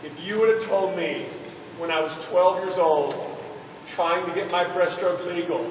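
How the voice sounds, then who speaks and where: A young man giving an energetic motivational speech to children, calling out to the audience for responses. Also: fairly high pitch. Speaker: motivational speaker. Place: large echoey hall. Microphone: distant mic. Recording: echoey hall, distant mic, noisy.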